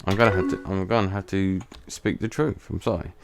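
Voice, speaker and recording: A man's voice: low voice, steady tone, brisk, vocal fry, background noise. A man giving casual let's play commentary, talking earnestly and bluntly and often restarting his sentences. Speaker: gaming channel host.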